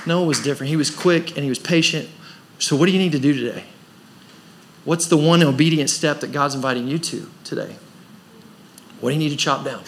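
A man's voice: medium pitch, a little hiss or hum. A man preaching a sermon as pastor of a church, pressing his points with rhetorical questions and rising emphasis. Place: church service.

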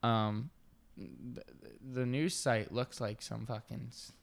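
A man's voice: mid-range voice, steady tone, slow pace, creaky. A man in a casual comedy podcast chat, loose and crude, trading jokes with his co-host. He reads out strange news stories and riffs on them with plenty of swearing. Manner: crude, joking, reading news stories aloud.

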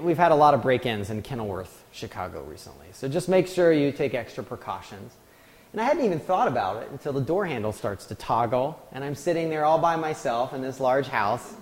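Preaching in a hall with lengthy reverb, this pastor uses a medium-pitched, darkish voice. He tells a personal story conversationally and in a self-deprecating manner.

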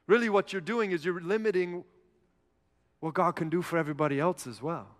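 Male pastor, fairly high smooth voice, earnest sermon delivery, long hall reverb. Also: brisk. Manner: earnest, animated storytelling, acts out a whiny Moses.

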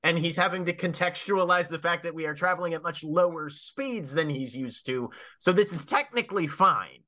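A man's voice: fairly high pitch, moderate pace. A man chatting and joking as a player in a tabletop game. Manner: animated, joking. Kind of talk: casual tabletop game chat.

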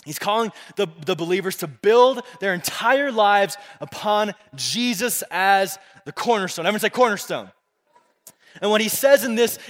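A man's voice: sits high, fairly bright tone. A young man preaching a casual youth sermon as pastor, often asking the crowd to repeat words after him. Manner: casual, repetitive, call-and-response with the crowd. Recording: long reverb of a big room.

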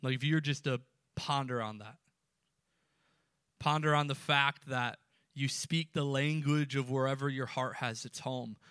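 A man preaching a sermon to students, emphatic and rising, then dropping suddenly to quiet words. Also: medium pitch, fairly even intonation, a little slow, clean tone, no echo, clean studio sound. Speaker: pastor.

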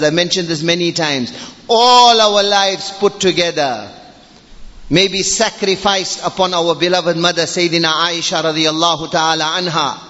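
Man giving a fiery friday sermon, high bright voice, dull recording with long hall echo. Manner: impassioned, emphatic, swelling to near-shouts.

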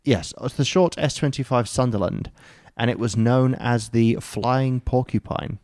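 A man's voice: medium pitch, unhurried, a little mellow, no echo, clean studio sound. A man co-hosting a casual podcast chat over beers, rambling and hesitant, swearing now and then. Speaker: podcast co-host.

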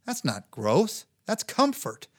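A man's voice: huge pitch swings, slow. A man preaching a sermon in an earnest way, lifting his voice for emphasis. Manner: earnest, rises in pitch for emphasis. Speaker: pastor.

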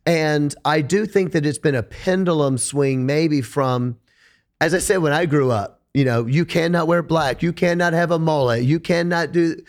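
A man speaking as a podcast guest in a conversational interview, an animated storyteller who repeats words when he gets going. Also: on the high side, moderate pace. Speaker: podcast guest, rock singer.

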